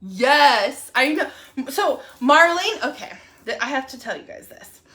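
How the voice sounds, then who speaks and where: Bright, high-voiced excitable woman. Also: unhurried. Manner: excitable, gushing, rambling with fillers. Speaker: wellness app promoter. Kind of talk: casual live video chat.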